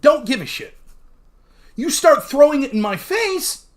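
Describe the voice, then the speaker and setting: A man hosting a livestream, talking casually in a blunt, profane rant and pausing to thank chat viewers. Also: very high voice, very animated. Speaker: livestream host.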